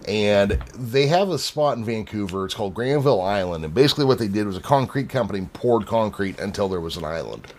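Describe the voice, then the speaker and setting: A man hosting a podcast, telling anecdotes in casual chat, animated and swearing freely. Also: fairly low pitch, fairly quick, hardly any pauses, slight background noise. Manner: animated, swearing, laughs at his own story. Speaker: podcast host.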